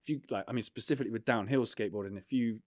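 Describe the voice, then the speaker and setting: A man, a documentary filmmaker, talking in a relaxed, rambling way on a casual podcast, full of fillers and swearing. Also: medium pitch, rapid-fire, dry recording, clean studio sound. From England.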